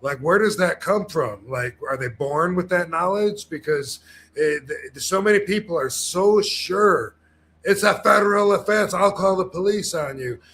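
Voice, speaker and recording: A man's voice: high voice, a little slow, a bit bright. A man talking casually on a podcast, rambling with many fillers and restarts and acting out the people he quotes.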